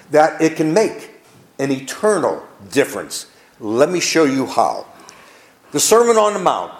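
A pastor preaching a sermon with an emphatic cadence that rises and falls. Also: male voice, on the high side, roomy sound.

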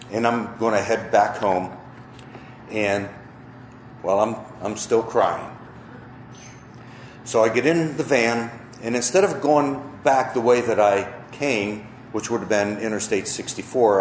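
A middle-aged man preaching a personal testimony, telling his story slowly and with deep emotion. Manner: slow, emotional storytelling with pauses. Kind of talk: testimony sermon. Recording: roomy echo, faint background noise.

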